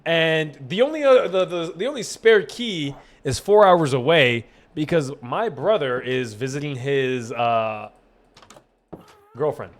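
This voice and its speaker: A young man with a somewhat high-pitched voice tells his stream chat a long story from his home setup on a desk mic. He rambles and swears freely. He plays out every quoted line with animated energy. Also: measured pace. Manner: rambling, profane, animated retelling with quoted dialogue. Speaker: gaming streamer.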